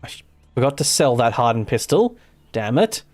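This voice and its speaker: This Australian streamer speaks at a normal speed in a mid-range, darkish voice with big pitch swings. His live gameplay commentary is casual and rambling, full of self-corrections and the occasional swear.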